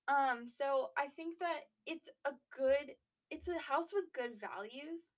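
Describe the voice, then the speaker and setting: A young woman with a high voice chats casually as a podcast co-host. She talks loosely, packing in fillers and restarting sentences as she goes. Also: slow pace. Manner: chatty, lots of fillers and restarts. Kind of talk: casual chat.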